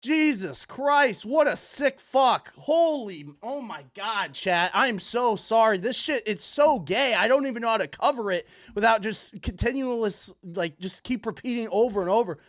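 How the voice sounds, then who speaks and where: A man's voice: high voice, animated, unhurried, hardly any pauses, a bit bright. A man hosting a livestream, giving profane, incredulous commentary as he reacts to online posts. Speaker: livestream host.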